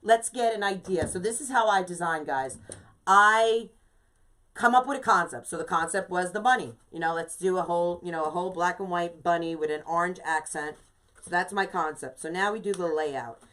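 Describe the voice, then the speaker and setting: A woman's voice: lowish voice, moderate pace, fairly bright tone. Chatty emphatic woman in her fifties. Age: 50s. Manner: chatty and emphatic, greets viewers by name. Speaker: craft instructor and shop owner. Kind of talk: live-streamed craft tutorial.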